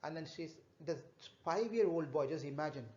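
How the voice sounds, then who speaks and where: A man's voice: a little high, lively intonation, darkish tone. Man telling scripture stories to children. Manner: halting, repetitive storytelling with fillers, asks the children questions. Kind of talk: storytelling class for children. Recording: echoey, dull room recording.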